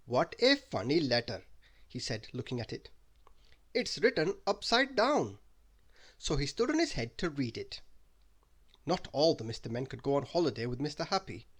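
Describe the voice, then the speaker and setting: Man reading a lively bedtime story. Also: medium pitch. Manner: animated, expressive reading. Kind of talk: bedtime story read-aloud.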